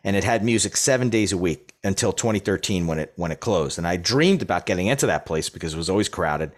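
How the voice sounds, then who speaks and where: A man hosting an interview, talking in a halting, reflective way with many restarts. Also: low voice, expressive. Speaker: podcast host. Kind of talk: casual interview chat.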